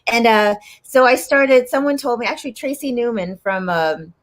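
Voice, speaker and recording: A woman talking as a guest on a chat show, telling a long story in a rambling, animated way and laughing often. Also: fairly high pitch, moderate pace. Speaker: guest actress and comedian. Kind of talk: casual chat.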